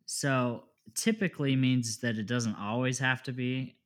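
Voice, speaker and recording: A man's voice: medium pitch, unhurried. A young man co-hosting a podcast in casual chat, laughing often and joking around. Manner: laughs often, jokey and relaxed. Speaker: podcast co-host.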